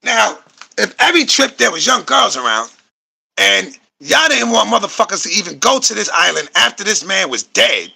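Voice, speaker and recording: A man's voice: high voice, very animated, moderate pace, creaky, pushed and bright, breathy edge. A man hosting a podcast, reacting to clips with profane, repetitive, rhetorical commentary. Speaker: podcast host reacting to videos.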